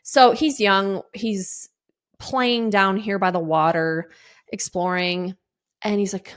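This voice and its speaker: A woman's voice: medium pitch, measured pace. A woman in her thirties or forties hosting a podcast, telling stories casually with lots of fillers and acting out what others said. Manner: chatty, lots of fillers and laughs, voices others' lines. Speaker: podcast host. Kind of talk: casual storytelling monologue.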